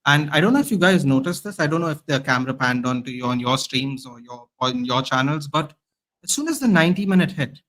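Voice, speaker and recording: A man's voice: fairly high pitch, animated, fast, fairly bright tone. Exasperated man ranting about football. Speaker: guest football fan. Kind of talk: live match reaction chat.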